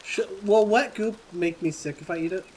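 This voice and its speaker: A man chats through a co-op game, asking how things work and reacting plainly. His voice sits a little high. A faint hiss is heard behind him. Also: moderate pace. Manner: asks questions, reacts plainly. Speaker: gamer. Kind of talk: casual gaming chat.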